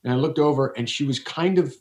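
A man in the middle of an easygoing podcast conversation, thinking aloud as he goes. His voice sits at an ordinary pitch, and he keeps circling back, restarting and rephrasing as he reaches for what he means. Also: quick pace. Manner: rambling, reflective, many restarts. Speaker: podcast guest. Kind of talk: casual conversation.

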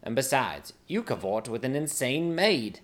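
A man's voice: medium pitch, very animated, a little slow. A man voicing a ruthless, scheming young queen who sneers at her rivals. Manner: haughty, sneering.

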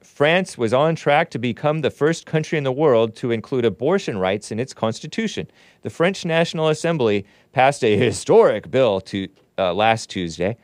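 A man's voice: medium pitch, dry recording, clean studio sound. A man hosting his own commentary show, reading news aloud and scoffing at it with sarcastic asides. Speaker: host. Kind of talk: opinionated commentary show monologue.

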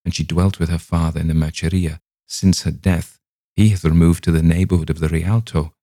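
A man voicing a grave, gentle old rabbi who speaks slowly, with old-fashioned phrasing. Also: deep voice, steady tone, no room sound, studio quality. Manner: measured, compassionate, archaic phrasing.

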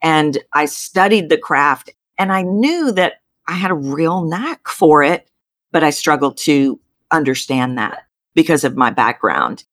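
A middle-aged woman with a Texan accent, a voice coach explaining her work in an interview with emphatic, animated delivery. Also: low voice, measured pace, no room sound, clean studio sound. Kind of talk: interview storytelling.

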